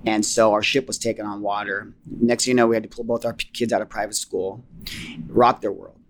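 A middle-aged man talks quickly in a fairly low voice, an interview guest spinning earnest stories. He acts out both sides of old conversations as he goes. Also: little pitch movement. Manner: earnest, fast-paced storytelling that acts out dialogue. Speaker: interview guest, fitness business owner. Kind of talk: storytelling in a casual interview.

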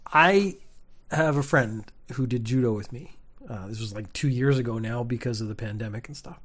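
A young man, rambling through a casual comedic monologue with wry, deadpan asides. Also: mid-range voice, moderate pace, soft background music. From Canada.

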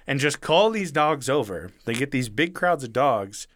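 Man, casual storytelling chat, rambling, chuckling, mid-range pitch, dry sound. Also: animated, moderate pace, fairly bright tone, no echo.

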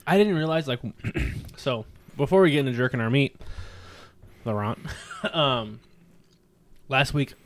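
Guy in his 30s just rambling and swearing, medium pitch, laid-back podcast chat. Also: lively intonation, measured pace, pauses often. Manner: profane, rambling storyteller. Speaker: podcast host. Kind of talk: casual chat.

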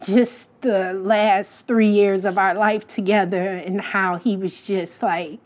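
A middle-aged woman, a guest sharing an emotional, lively personal story on a talk show and quoting the people in it. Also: medium pitch, slow. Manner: emotional, lively storytelling with voiced quotes of her late husband. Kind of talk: casual heartfelt talk show conversation.

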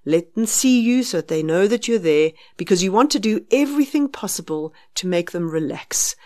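Low-voiced South African woman giving advice. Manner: explains firmly, acts out soothing a baby in a hushed voice. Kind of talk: advice on a podcast.

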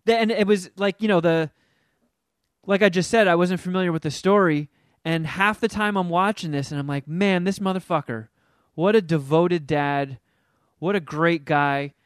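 Animated, profane man with a smooth voice. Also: high-pitched, normal speed, no echo, studio quality. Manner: profane, animated, does mocking voices in quotes. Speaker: podcast co-host reviewing a movie. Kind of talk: casual chat.

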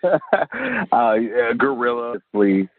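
A man's voice: medium pitch, takes it slowly, a crowd in the background. A man who is a professional wrestler and color commentator, chatting in a rambling interview with many fillers, heard over a phone line. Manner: rambling, laughs often, many fillers and restarts. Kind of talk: casual interview chat. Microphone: phone or call line. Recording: tinny dry phone-line sound.

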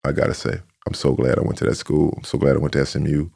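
A man with a very low, gravelly voice tells long stories as a guest. He talks in a relaxed way and stumbles over repeated words as he goes. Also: quick pace. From Texas. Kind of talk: casual storytelling.

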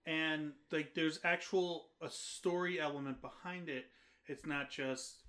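Easygoing man podcast co-host, higher voice. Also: steady tone, measured pace, pushed and bright. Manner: easygoing, hesitant, full of fillers. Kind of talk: casual movie review chat.

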